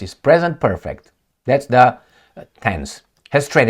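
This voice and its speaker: Sarcastic man lecturing on grammar. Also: fairly low pitch. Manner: mocking, lecturing, digressive. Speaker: commentator. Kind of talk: sarcastic news commentary.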